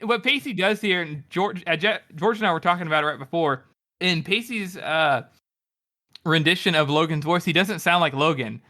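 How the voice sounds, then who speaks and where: Male podcast co-host, bright tense voice, slightly high, eager and excitable. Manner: excitable, quick bursts with restarts. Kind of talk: casual book-discussion chat.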